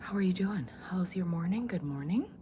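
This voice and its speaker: Low giggly woman chatting to viewers. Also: animated, fairly quick, noisy background. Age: 40s or older. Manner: crude, giggly, talks to chat viewers, drifts into whispers. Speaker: vlogger host. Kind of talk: casual morning livestream chat.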